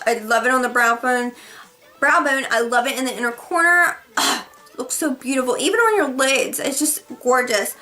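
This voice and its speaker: High, bright-voiced gushing woman vlogger. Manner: gushing, enthusiastic, chatty with self-corrections. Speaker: beauty vlogger. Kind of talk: casual product review.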